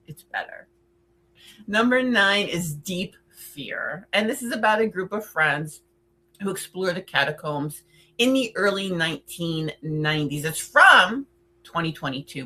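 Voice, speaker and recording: A woman's voice: lowish voice, bright, forceful tone. A woman hosting a playful, chatty countdown of horror films, with theatrical asides. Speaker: horror film reviewer. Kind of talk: casual film countdown chat.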